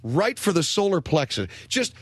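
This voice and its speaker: A man hosting a radio talk show, telling rambling stories and acting out quotes in a higher voice before reading announcements. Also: big pitch swings, normal speed, breathy edge, dry recording. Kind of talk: casual radio chat and announcements.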